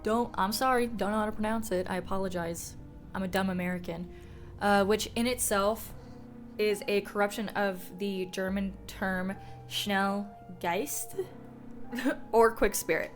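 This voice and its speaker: A woman's voice: medium pitch, steady tone, a little slow, faint music behind, poor audio. A young woman telling folklore on her vlog in a loose, profane, self-mocking way. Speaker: folklore vlogger. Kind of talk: casual storytelling vlog.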